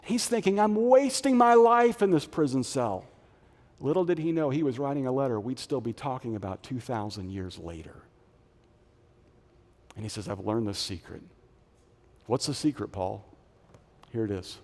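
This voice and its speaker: A middle-aged man preaching a sermon as a pastor, animated, moving between loud punchy lines and soft low phrases. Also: moderate pace, long pauses. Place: church auditorium. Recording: long reverb of a large hall.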